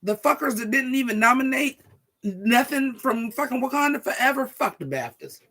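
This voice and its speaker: A vlogger in their forties ranting casually to viewers in a profane, sassy, animated way. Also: high voice, normal speed. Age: 40s. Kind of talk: casual rant to camera.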